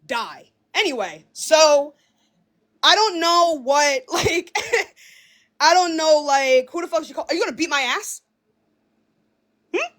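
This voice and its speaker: Young woman streamer with a high, animated voice, spitting profane insults in a live rant. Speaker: livestreamer.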